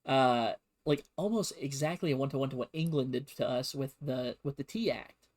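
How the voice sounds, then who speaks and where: A man's voice: mid-range voice, moderate pace, a little mellow. A man giving a casual streamed history lesson, talking in a conversational, digressive way.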